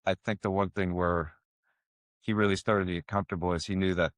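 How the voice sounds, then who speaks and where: A man speaking in a measured, thoughtful way about coaching, in casual podcast talk. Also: low-pitched, level tone, dry recording.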